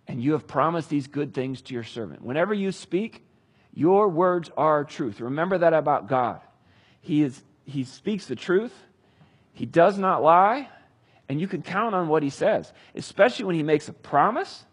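A male preacher with a slightly raised, husky voice. He talks to his congregation casually, then swells and slows when he reads the scripture aloud. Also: fairly high pitch. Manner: animated, conversational preaching with dramatic readings. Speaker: pastor. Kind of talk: sermon.

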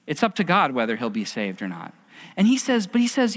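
A man's voice: medium pitch, wildly swooping pitch, fast talker. A middle-aged man preaching a sermon in a conversational, storytelling way, acting out quotes as he goes. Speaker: pastor. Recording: long reverb of a hall.

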